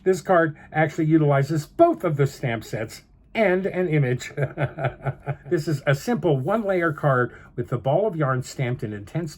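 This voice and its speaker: A man's voice: mid-range voice, a little mellow. A man hosting a card-making tutorial, chatting through each step and chuckling between remarks. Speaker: card-making channel host. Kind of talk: crafting tutorial narration.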